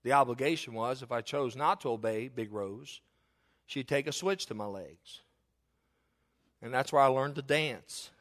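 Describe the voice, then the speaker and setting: A man's voice: medium pitch, measured pace, a bit bright. A middle-aged male pastor, preaching a sermon with stories that build to an emphatic, rising delivery.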